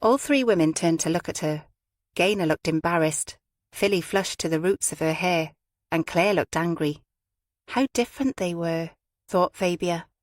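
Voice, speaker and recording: A low-voiced woman narrates a story as an audiobook narrator, reading scripted material at a moderate pace. The recording is dry and studio quality.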